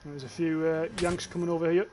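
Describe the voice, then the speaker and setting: A man's voice: a little high, little pitch movement, fairly quick, a little mellow, a little hiss or hum. A young man with a northeast English accent, streaming gameplay live and chatting casually with his viewers, often swearing and restarting his phrases. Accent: northeast English, near North Yorkshire. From northeast England. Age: young adult. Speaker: gaming livestreamer.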